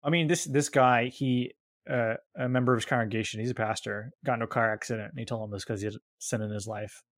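A young American man co-hosting a podcast, telling animated stories about church culture with many restarts. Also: mid-range voice, quick pace, dry recording, clean studio sound. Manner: animated storyteller, frequent restarts. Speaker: podcast co-host.

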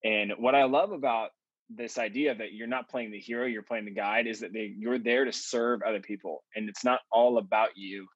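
A man guesting on a podcast tells his stories with animation and acts out the people he quotes. His voice is husky. The audio is dry and dull. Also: on the low side, steady tone, moderate pace, no echo. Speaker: podcast guest, marketing consultant. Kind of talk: storytelling interview answers.

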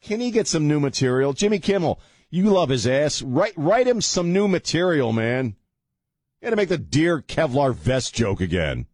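A man's voice: on the high side, sing-song, moderate pace, darkish tone, no room sound. A man hosting a talk radio show, ranting with heavy sarcasm into a studio microphone.

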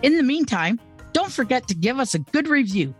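A woman hosting a podcast, chatting with a guest and reading the show's outro in an upbeat, lively way. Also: sits high, brisk, husky, faint music behind. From Canada. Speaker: podcast host.

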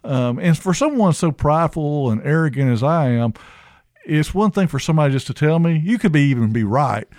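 A man with a slightly higher voice talks casually about recovery, rambling and self-deprecating. The sound is dry and close, with no room around it. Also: animated, fairly quick, darkish tone, dry recording. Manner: rambling, self-deprecating storyteller with many "you know"s. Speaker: podcast co-host in recovery. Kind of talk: casual conversation.

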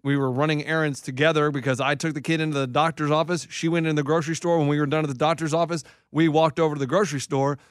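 A man co-hosting a radio show in casual banter, telling a story with quick jokes. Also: on the high side, level tone, clean tone, no room sound, clean studio sound. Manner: joking, quick one-liners. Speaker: radio co-host.

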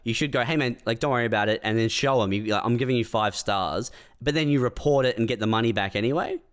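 A man in casual podcast chat, laid-back, rambling and halting with many fillers as he tells a story. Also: mid-range voice, clean tone.

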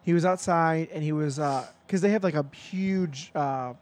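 A man's voice: on the high side, moderate pace, a little mellow. A man telling a long story in a casual chat, rambling with lots of fillers and acting out quoted lines.

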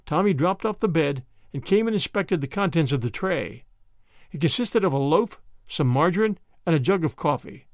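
A male audiobook narrator reading a mystery with expressive, animated delivery. His voice sits slightly high for a man and rises and falls a great deal. The recording is dry and close with no room echo. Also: moderate pace. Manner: expressive storytelling. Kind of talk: scripted narration of a mystery novel.

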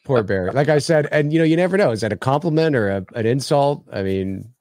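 A man with a Canadian accent, hosting a relaxed live-stream chat on a call, laughing often. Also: mid-range voice, fast, background noise. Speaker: podcast host.

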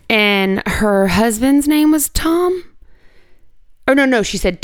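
A woman's voice: medium pitch, slow, clear, resonant tone, no echo. A woman, an interview guest, telling a personal story in a casual, candid way, peppering her speech with "like" and the odd swear word. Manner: conversational, heavy use of "like", candid with swearing.

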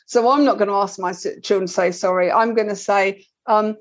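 A woman's voice: mid-range voice, steady tone, brisk. A woman explaining parenting tools in a conversation, earnest and often repeating words as she goes. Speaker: parenting guest expert. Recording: dull lo-fi sound.

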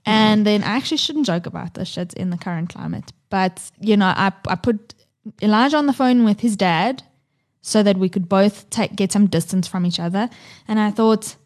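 A woman's voice: medium pitch, normal speed. A woman in her thirties co-hosting a podcast, talking candidly and swearing freely about family life. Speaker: podcast co-host. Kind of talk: casual chat.

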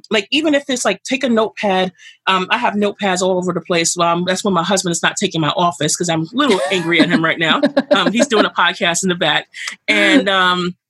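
Bright, husky-voiced woman guest. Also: medium pitch, dry recording. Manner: emphatic and animated, with many fillers. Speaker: podcast guest. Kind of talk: candid conversational interview.

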